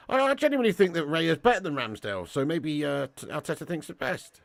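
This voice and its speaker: Excitable, very animated male football streamer. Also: on the high side, vocal fry, no room sound. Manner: excitable, slangy, quick to indignant outbursts. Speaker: match watch-along host. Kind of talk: live football commentary and chat reading.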